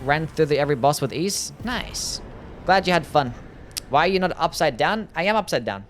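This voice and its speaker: A man's voice: on the high side, animated, normal speed, a little hiss or hum. A man casually streaming a game live, chatting and answering his viewers in a laid-back way.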